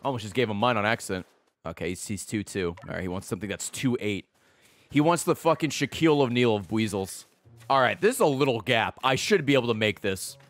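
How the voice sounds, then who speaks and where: A man giving casual, profane commentary while streaming a video game, with excitable running reactions. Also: lowish voice, a little fast.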